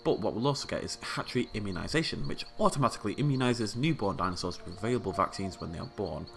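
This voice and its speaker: Male game-video host, chatty and joking, low voice with a sharp edge. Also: animated, fast talker, gravelly, soft background music. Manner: playful, chatty, talks to the game characters. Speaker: let's play host. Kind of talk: casual gameplay commentary.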